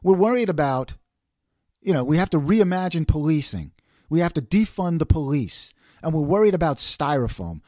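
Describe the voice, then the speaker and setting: A man hosts a solo commentary, ranting and throwing out rhetorical questions. His fairly high voice swings widely up and down as he pushes each point. The sound is close and dry, with no room around it. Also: sing-song, moderate pace, dark tone, no room sound. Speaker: host.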